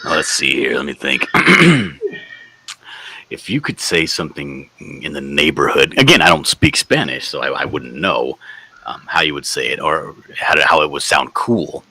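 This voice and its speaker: A man in a casual group chat, joking and thinking out loud with a lot of hesitation. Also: extremely low pitch, animated, moderate pace, breathy edge, dry recording.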